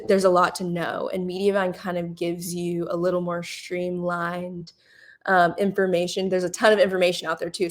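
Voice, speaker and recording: A young adult woman walks an audience through advice in a relaxed webinar. Her voice sits a little low for a woman. She talks casually, leaning on "um" as she gathers her thoughts. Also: creaky. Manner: casual, filler-heavy explaining with frequent "um". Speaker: ad network support manager. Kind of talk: webinar presentation.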